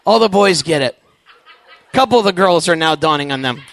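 A man in his forties telling a funny story to a youth camp crowd, animated and acting out the voices, with quick asides to the audience. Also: on the high side, creaky. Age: 40s. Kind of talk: comedic storytelling to a live audience.

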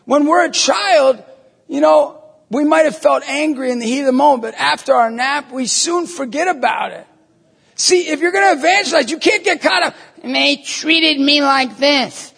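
A middle-aged man from New York State, a lay minister giving a jokey, animated talk to a live audience and acting out voices as he goes. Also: extremely high pitch, moderate pace, vocal fry. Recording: long hall reverb.

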